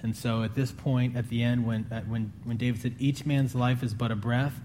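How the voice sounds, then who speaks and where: A man preaching a sermon in an earnest, conversational way, his voice climbing higher when he pleads. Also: level tone, moderate pace, dark tone, slight background noise. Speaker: pastor.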